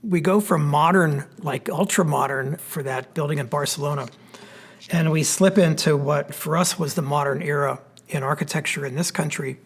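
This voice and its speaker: A man with a Pennsylvania accent, an architect giving a relaxed, explanatory slide lecture with plenty of fillers. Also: a little high, normal speed, soft background music. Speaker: architect giving a history talk. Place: church hall.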